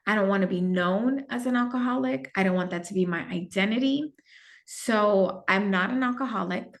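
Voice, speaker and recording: A middle-aged woman, a podcast guest, telling a personal story in a candid, reflective way with some halting restarts. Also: mid-range voice. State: gets emotional at times.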